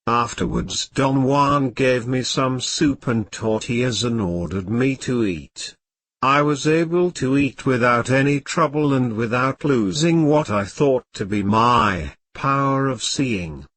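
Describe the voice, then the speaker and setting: A computer-generated male voice narrating an audiobook in a slow, even reading. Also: mid-range voice, dry recording.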